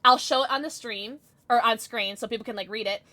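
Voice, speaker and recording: A woman's voice: fairly high pitch, bright, forceful tone. Bubbly, giggly woman streamer. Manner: bubbly, giggly, greets chatters rapidly. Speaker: Twitch streamer. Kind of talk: casual live-stream chat.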